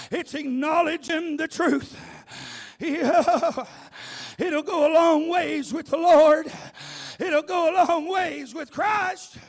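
Revival preacher, high-pitched male voice, slow shouted delivery. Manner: shouting, chanting repeated phrases. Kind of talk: revival sermon.

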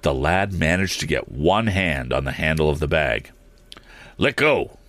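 A man narrating an adventure story aloud at a steady pace, with small slips that he corrects as he goes. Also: extremely low pitch, normal speed, dry recording. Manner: steady reading with occasional slips and restarts. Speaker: audiobook reader.

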